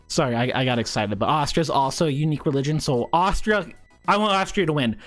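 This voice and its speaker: Excitable young man narrating a strategy game. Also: a little high, fast, no room sound, faint music behind. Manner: rambling, excitable, spikes into cheering. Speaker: gaming commentator. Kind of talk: casual gameplay commentary.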